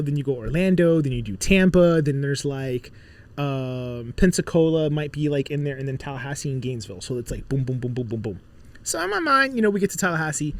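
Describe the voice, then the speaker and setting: Animated Miami man telling stories. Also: on the high side. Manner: animated storyteller, acts out quotes. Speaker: podcast guest, musician. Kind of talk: casual storytelling chat.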